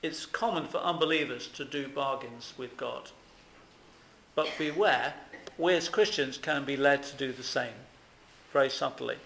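A man's voice: medium pitch, a little slow, creaky, a bit bright, slight background noise. A man preaching a sermon in an earnest, emphatic way, with lots of rhetorical questions. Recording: echoey room.

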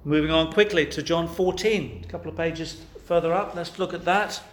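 A man delivers a sermon in a slightly higher-than-average voice. He questions his listeners rhetorically and presses each point with firm emphasis. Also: normal speed. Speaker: preacher.

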